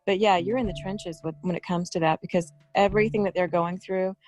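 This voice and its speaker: Faint music plays behind a woman whose low, slightly mellow voice holds a steady tone at a slightly fast pace. Hailing from the New York area and carrying its accent, she earnestly chats as a podcast guest, talkatively sharing stories from her childhood.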